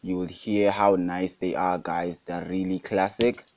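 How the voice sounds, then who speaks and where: Speaking unhurriedly in a low, slightly mellow voice with flat delivery and no echo, a young South African man hosts a casual screen-recorded beat-making tutorial. Soft music, a beat, plays underneath as he keeps saying guys and calling things super hot.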